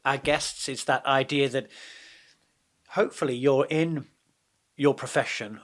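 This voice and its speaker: A man hosting a podcast, asking questions in a relaxed, searching way with frequent restarts. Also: mid-range voice, a little slow. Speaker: podcast host. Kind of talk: conversational podcast interview.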